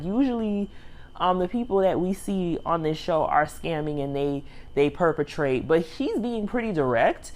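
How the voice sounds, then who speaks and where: A woman hosting her own review channel, casually recapping a TV episode and acting out what people said, often laughing. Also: lowish voice. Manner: animated retelling, acts out quotes, laughs often.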